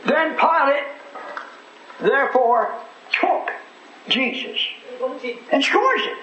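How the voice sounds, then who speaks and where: Preacher, high tenor, folksy then fervent, echoey and muffled hall recording, loud crowd. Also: male voice, very animated, slow. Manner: folksy, rising to fervent shouting. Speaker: radio preacher. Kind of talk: storytelling sermon. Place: church hall.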